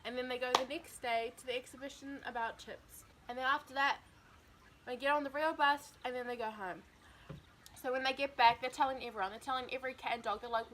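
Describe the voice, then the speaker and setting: A young woman spins a rambling story while eating on camera, her voice sitting high. She talks in a casual, playful way. A faint room hum runs under her voice. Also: fairly even intonation, a little fast, a bit bright. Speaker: vlogger. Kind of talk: mukbang story time.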